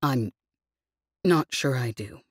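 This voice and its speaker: A woman voicing a weary, hungover young man who murmurs low and quietly in an audiobook. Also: lively intonation, slow pace, husky, dry recording, clean studio sound, heavily acted. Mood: subdued.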